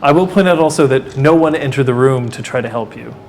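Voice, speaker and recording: Guy running a tabletop rpg, mid pitch, chill swears, narrates what happens, bit of room noise. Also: fast, darkish tone. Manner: casual, swearing, descriptive narration. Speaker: game master. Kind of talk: narrating a tabletop role-playing game.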